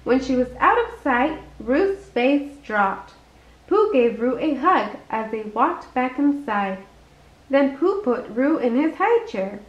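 A woman reading a bedtime story aloud in an expressive, unhurried way. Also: high voice. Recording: echoey muffled room.

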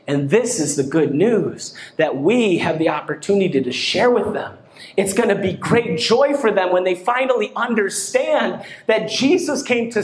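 Emphatic pastor preaching in an echoey hall. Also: medium pitch. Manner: preaching with rising emphatic bursts. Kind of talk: sermon. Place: church hall.

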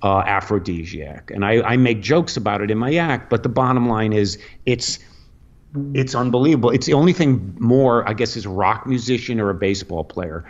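A man's voice: animated, moderate pace. Rambling male comic on lo-fi radio. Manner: digressive, with frequent restarts and sudden pitch jumps. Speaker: comedian guest. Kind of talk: rambling anecdotal storytelling. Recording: lo-fi radio studio audio.

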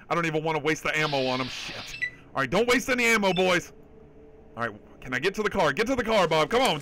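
Game music runs behind a man livestreaming his gameplay in a low-quality recording. Fairly high in pitch, he's excitable and swears often. He chats casually, reading chat aloud and thanking viewers who donate.

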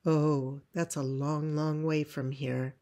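A woman reading a regretful, gentle father. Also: deep voice, little pitch movement, slow. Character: apologetic father sending a girl away.

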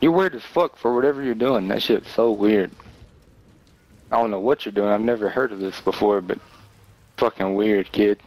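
A man's voice: fairly low pitch, moderate pace, darkish tone, low-quality recording. A man playing an online game, scolding another player over voice chat in a blunt, profane, lecturing way.

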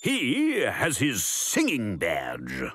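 A woman narrating a children's cartoon in a gentle, encouraging, storyteller manner. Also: extremely low pitch, huge pitch swings, drawn-out words, husky.

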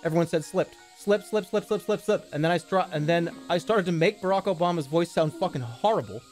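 A man streaming live, talking in an animated, jokey way and slipping in and out of silly voices. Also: a little high, fairly quick, soft background music.

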